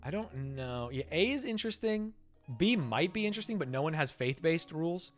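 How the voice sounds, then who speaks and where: A man's voice: on the high side, lively intonation, brisk, soft background music. A man streaming a game live. He reads the game text aloud, swears, laughs often, and reacts with a lot of energy. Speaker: gaming streamer.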